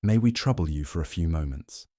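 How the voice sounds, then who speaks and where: A man's voice: extremely low pitch, lively intonation, a little fast, no echo, clean studio sound. Hercule Poirot, a man doing the courtly Belgian sleuth. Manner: soft, courtly, precise. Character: fussy elderly male Belgian detective.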